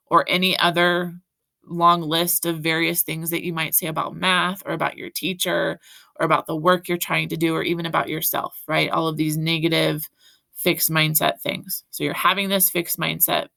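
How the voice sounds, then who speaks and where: Woman teacher, bright gravelly voice, encouraging video lesson to students, close and dry. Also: fairly low pitch, flat delivery, normal speed, no room sound. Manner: encouraging, talks directly to students with frequent "right?".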